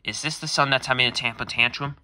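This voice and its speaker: A man's voice: mid-range voice, fairly even intonation, fast talker, bright, forceful tone, no echo. A man playing a stern mall security guard. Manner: formal, bossy and repetitive. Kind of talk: amateur fan animation voice-over.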